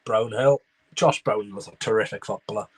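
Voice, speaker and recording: A man's voice: on the low side, fairly quick, breathy edge. A young man streaming a live football watchalong, giving running commentary and chatting with viewers. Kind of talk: live match reaction with chat replies.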